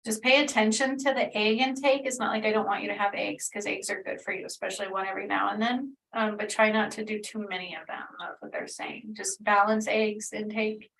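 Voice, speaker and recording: Woman healer, rambling and earnest, with fry in the voice and a distant mic. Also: mid-range voice, fairly even intonation, fairly quick, few pauses, a bit bright. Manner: meandering, filler-heavy, earnest. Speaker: spiritual healer channeling energy. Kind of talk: casual spoken energy reading.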